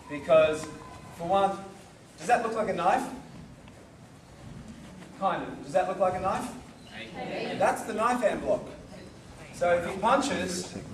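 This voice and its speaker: A man coaching a karate class in a big hall, his slightly higher voice ringing with echo. He calls out counts and drills the room in call-and-response, heard from across the space over steady background noise. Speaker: karate instructor. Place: large training hall. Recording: echoey hall from far off, noisy.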